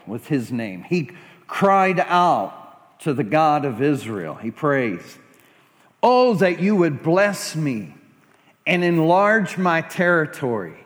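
Fervent preacher in a reverberant hall. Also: male voice, fairly high pitch. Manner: impassioned, rising to fervent pleading prayer. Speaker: pastor. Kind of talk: sermon. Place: church sanctuary.

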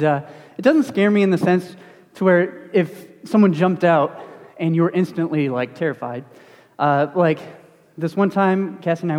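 Young male pastor preaching in a reverberant hall. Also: fairly high pitch. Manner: conversational and animated, with self-deprecating humor. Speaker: student pastor. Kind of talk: casual sermon with stories. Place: church sanctuary.

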